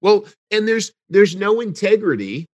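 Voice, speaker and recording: A man's voice: high voice, very animated, measured pace, darkish tone, no room sound. A man hosting a podcast interview who works as a coach himself, asking questions in an agreeable way with plenty of fillers.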